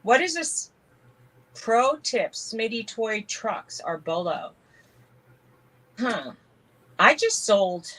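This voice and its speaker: A woman's voice: on the high side, big pitch swings, slow, long pauses, a bit bright, poor audio. A woman from New York with a New York accent, co-hosting a casual live-stream chat and telling stories between laughs. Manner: chatty, laughs often, tells stories. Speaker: co-host.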